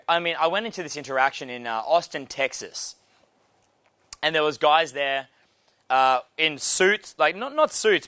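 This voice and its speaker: A young Australian man coaching on dating, talking in a brash, casual way with swearing and animated stories. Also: fairly high pitch, smooth, no echo, studio quality. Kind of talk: casual instructional talk.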